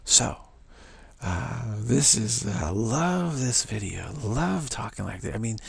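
A man's voice: fairly low pitch, very animated, slow pace, vocal fry, breathy edge, no room sound. A man giving a spiritual monologue, repeating affirmations over and over and dropping to whispers. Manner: repetitive affirmations, drops to whispers. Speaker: spiritual teacher.

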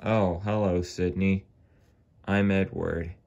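A man's voice: deep voice, steady tone, slow, gravelly, darkish tone, lo-fi sound, full character voice. A man voicing a kindly, older male toy engine who frets and warns cautiously. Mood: concerned. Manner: cautious, fretful warnings.

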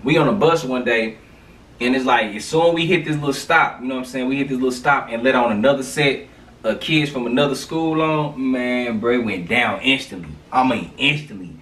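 A man telling a story from his school days in casual slang, animated and acting out the sounds. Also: medium pitch, brisk, recorded from a distance. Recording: roomy, away from the mic.

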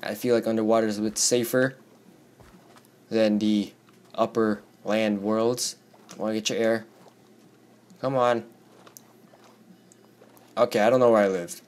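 A teenage boy with a hoarse voice from screaming, chatting and rambling while playing a block-building game, yelping when scared. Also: on the low side, level tone, measured pace, pauses often, darkish tone. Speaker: gaming YouTuber. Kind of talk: Minecraft let's play commentary.

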